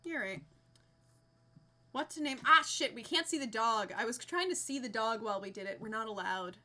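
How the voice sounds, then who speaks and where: Bright, giggly young woman streamer. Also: a little high, lively intonation, normal speed. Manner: giggly, reads out names with delight. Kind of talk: casual live-stream commentary.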